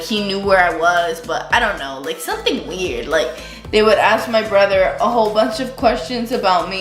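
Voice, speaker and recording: A young woman vlogger does her makeup at home while chatting through a casual storytime, her bright, medium-pitched voice full of likes and ums as she mentions feeling sick. The room is echoey, with faint music playing underneath.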